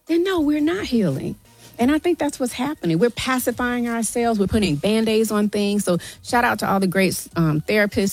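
A middle-aged woman with a mid-range voice appears as a guest on a radio show, an advocate for mental health speaking earnestly and pleading with listeners, whom she calls y'all. It's an emotional interview recorded on a studio mic in a radio studio, with no room sound.

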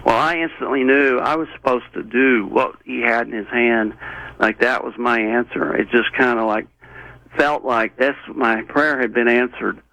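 A man as an interview guest, telling a personal story in an earnest, rambling way with many halting restarts. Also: medium pitch, pushed and bright, no room sound, dull audio.

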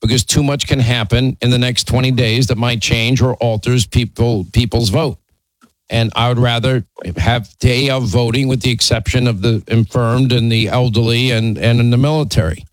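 A man's voice: mid-range voice, fairly even intonation, moderate pace, no room sound, rough recording. Emphatic male talk radio host. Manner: emphatic, restarts sentences.

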